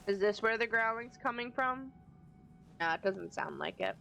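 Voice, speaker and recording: A woman's voice: on the high side, animated, moderate pace, vocal fry, bright, forceful tone, slight background noise, rough recording. A woman streaming a game, chatting casually and reading the dialogue aloud with amusement. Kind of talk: casual gameplay commentary.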